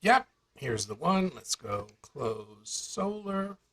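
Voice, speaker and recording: A man hosting a live call, walking through a software tool with a chatty sales manner and a string of rhetorical questions. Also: on the high side, very animated, slow pace, breathy edge. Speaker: host presenting an online tool demo. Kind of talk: casual live demonstration on a call.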